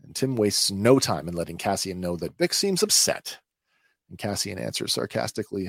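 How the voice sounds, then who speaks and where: Man, podcast host, low voice, conversational recap, dry sound. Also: animated, no echo. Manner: conversational, halting with fillers. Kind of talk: episode recap narration.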